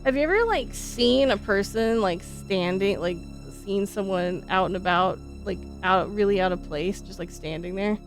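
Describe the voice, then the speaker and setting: A woman streamer telling stories in casual, animated chat, full of fillers like "like". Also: medium pitch, moderate pace, hardly any pauses, music in the background. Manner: animated, chatty, many fillers like "like". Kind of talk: casual live-stream storytelling.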